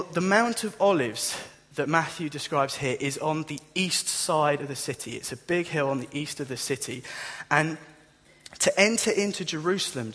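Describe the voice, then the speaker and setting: Male preacher, higher-pitched, husky, animated delivery, long hall reverb. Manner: animated, acts out startled listeners in a higher voice. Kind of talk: sermon.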